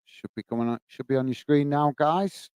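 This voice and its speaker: A man hosts a live football watch-along, calling the play as it unfolds and greeting viewers between moves. His voice sits a touch high and sounds smooth and clear. The room is dry and close, with little echo. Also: normal speed, darkish tone. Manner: chatty, greets viewers by name, many fillers. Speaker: host of a fan live stream. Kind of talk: live football commentary and chat reading.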